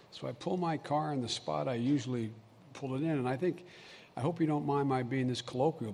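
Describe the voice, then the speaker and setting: A man's voice: mid-range voice, gravelly, a little mellow. An older man giving a folksy, emphatic public speech full of personal stories. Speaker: vice president giving a speech. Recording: long hall reverb, faint ambient noise.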